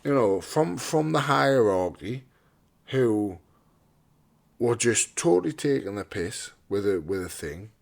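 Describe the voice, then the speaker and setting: A young man with a fairly low voice speaks as an interview guest, a pro boxer telling his own story. He is blunt and swears freely, tripping over and repeating words and acting out the lines of the people around him. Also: sing-song, takes it slowly, creaky.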